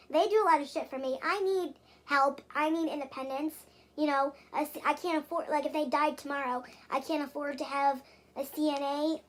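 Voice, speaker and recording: Young adult woman vlogger, high pitch, exasperated rambling rant. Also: fairly bright tone. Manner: rambling and exasperated, with frequent swearing and fillers. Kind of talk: casual venting vlog.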